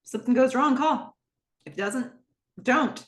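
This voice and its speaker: A woman voicing a dry, terse male doctor who talks in clipped lines with long pauses. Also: sits high, roomy sound, voice pushed up. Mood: deadpan.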